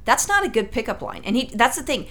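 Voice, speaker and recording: A woman's voice: on the high side, wildly swooping pitch, fast talker, bright, forceful tone. A woman co-hosting a podcast in casual chat, chatty and blunt, swearing freely. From Italian heritage. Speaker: podcast co-host.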